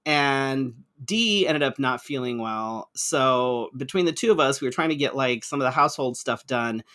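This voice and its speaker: Bright-voiced man in casual chat. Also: medium pitch, expressive, normal speed. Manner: chatty, swears casually, frequent restarts. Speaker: co-host.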